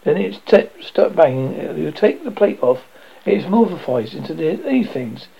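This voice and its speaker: A man with a gravelly voice voicing a small, nervous male alchemist who talks in a fumbling, apologetic way. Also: fairly high pitch, sing-song, exaggerated voice. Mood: nervous, eager. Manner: fumbling, apologetic, halting delivery. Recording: dull lo-fi audio.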